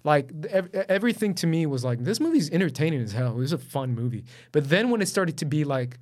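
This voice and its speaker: A young man co-hosts a podcast in a loose, joking chat. His voice sits a bit high for a man. He often breaks into laughter. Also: fast talker. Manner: animated, jokey, laughs often. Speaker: podcast co-host. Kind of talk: casual chat.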